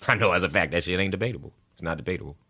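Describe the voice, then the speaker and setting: Deep-voiced man, earnest and emphatic. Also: rapid-fire, bright, forceful tone. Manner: earnest, emphatic, repeats words for stress. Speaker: guest, actor and singer. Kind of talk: interview conversation.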